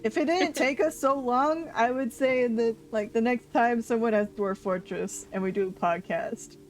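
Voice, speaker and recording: A woman's voice: on the high side, normal speed. A woman streaming a game live, chatting casually with a friend and laughing often. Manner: laughs often, playful teasing. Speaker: Twitch streamer. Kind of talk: casual gaming stream chat.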